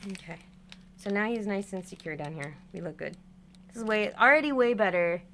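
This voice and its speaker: A young woman with a medium-pitched voice talks briskly over background noise. On a casual livestream, she restrings a doll, narrating each step and letting out frustrated exclamations along the way.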